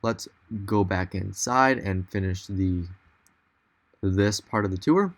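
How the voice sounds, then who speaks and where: Low-voiced man narrating a virtual car tour. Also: takes it slowly. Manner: enthusiastic, loose, thinks aloud. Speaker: car vlogger.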